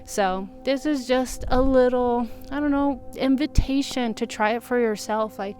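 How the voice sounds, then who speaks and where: A young woman talks softly and reflectively in a casual vlog, her voice sitting a little high for a woman. She slips into a soothing, gentle tone. Faint music plays under her. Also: a little slow. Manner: gentle, reflective, soothing when quoting self-talk. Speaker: vlogger. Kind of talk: casual self-help talk to camera.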